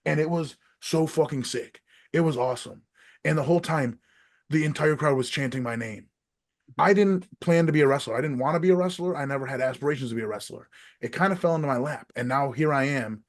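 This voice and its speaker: A man with an American accent, a wrestler and podcast guest, talking casually in a profane, ranting way that swings between loud outbursts and quiet asides. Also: a little high, a little fast. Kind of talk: casual interview chat.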